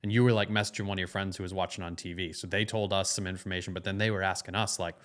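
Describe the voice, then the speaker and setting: A man with a very deep voice talks in a relaxed, casual way as a podcast co-host, often answering with short replies. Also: racing. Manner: relaxed, brief interjections. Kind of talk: casual chat.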